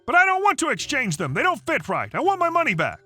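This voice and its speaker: An entitled middle-aged woman shopper who demands her way, voiced high and bright by a man putting her on. She sounds indignant and pushy, with a lively, swooping pitch. Faint music sits behind her. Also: fast talker, heavily acted.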